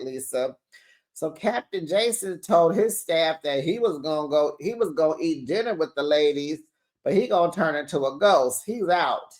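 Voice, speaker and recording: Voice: mid-range voice, animated, a little slow. A reality TV recap host giving a gossipy monologue, sassy and dramatic, acting out quotes and calling viewers besties.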